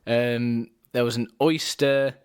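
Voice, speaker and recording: A young man from England co-hosting a casual podcast, relaxed and deadpan, often trailing off quietly. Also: medium pitch, slow pace, smooth, no room sound, clean studio sound. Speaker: podcast co-host.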